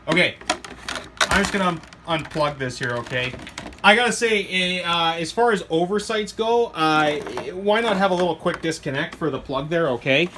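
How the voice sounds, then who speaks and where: An excitable middle-aged man with a slightly high voice, rambling through a casual product review. He gets carried away, and his voice leaps up when something thrills him. Faint room noise sits under his voice. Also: normal speed. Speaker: hobby shop owner reviewing RC trucks.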